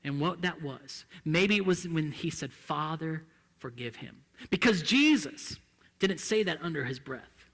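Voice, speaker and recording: A male pastor preaching a sermon in a church, impassioned and swinging between hushed and loud delivery. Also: a little high, lively intonation, measured pace, breathy edge, long reverb tail.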